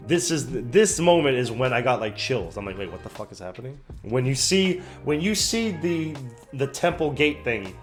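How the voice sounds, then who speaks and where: A man hosting a reaction video, talking casually and excitedly, gushing and swearing a lot. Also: mid-range voice.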